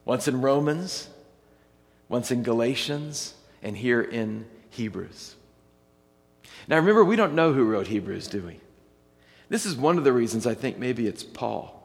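A man preaching a sermon as pastor, talking conversationally and reading scripture slowly and deliberately. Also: medium pitch, expressive, vocal fry, long reverb tail.

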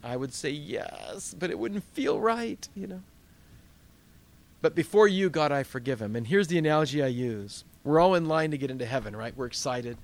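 A man preaching a sermon as a pastor at a church service, animated and emphatic, with frequent rhetorical questions. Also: on the high side, fairly quick.

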